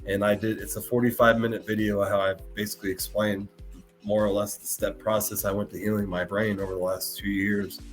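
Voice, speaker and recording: A man's voice: on the low side, flat delivery, fairly quick, faint music behind. A man hosting a live podcast, talking in an earnest, emotional way and often stopping to repeat and restart his words. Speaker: podcast host.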